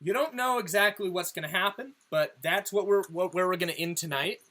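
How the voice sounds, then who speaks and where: A man running a tabletop session as game master, his voice bright and clear. He narrates in halting bursts, restarting phrases as he describes what the players see. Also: high voice. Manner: halting, repeats words while narrating.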